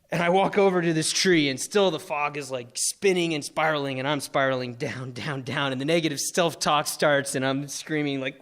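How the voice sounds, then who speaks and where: A young man from Florida telling an emotional personal story on stage, animated, full of likes and fillers. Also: a little high. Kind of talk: live personal storytelling talk.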